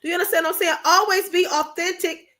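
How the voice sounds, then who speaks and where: A woman's voice: very high-pitched, fairly even intonation, quick pace, pushed and bright. A woman hosting a livestream, giving an informal motivational talk straight to her viewers, emphatic and repetitive as she drives her points home. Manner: emphatic and repetitive, often asking "you understand what I'm saying?"; informal, conversational, addressing viewers directly. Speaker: livestream host.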